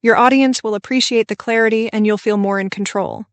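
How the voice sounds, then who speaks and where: A woman co-hosting a scripted English-learning podcast, explaining tips in a clear, encouraging way. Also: on the high side, steady tone, fairly quick, dry recording. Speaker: podcast co-host.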